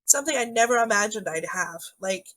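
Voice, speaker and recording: A woman's voice: medium pitch, lively intonation, fast, a bit bright, a little hiss or hum, rough recording. A woman co-hosting a podcast, telling a meandering childhood story in casual chat. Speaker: podcast co-host.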